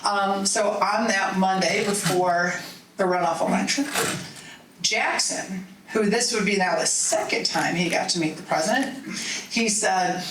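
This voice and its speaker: Middle-aged woman, animated storyteller at a party meeting, faint room hum behind her. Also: medium pitch, moderate pace, recorded from a distance. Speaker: political speaker. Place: meeting hall. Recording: roomy hall audio from off-mic.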